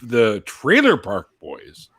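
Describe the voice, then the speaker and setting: Male host, casual chat, husky, very lively delivery. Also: mid-range voice, slow. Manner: animated, swearing, laughs often. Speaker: podcast host.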